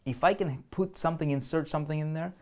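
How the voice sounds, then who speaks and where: A man's voice: fairly high pitch, quick pace, a little mellow. A man teaching online marketing on a live screen-share, chatty and full of "right?" check-ins and restarts, with keyboard typing heard behind him.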